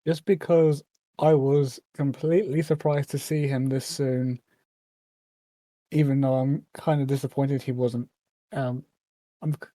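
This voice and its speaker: A podcast co-host in casual chat, low-key and dry, repeating jokes back in a slow deadpan. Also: no echo.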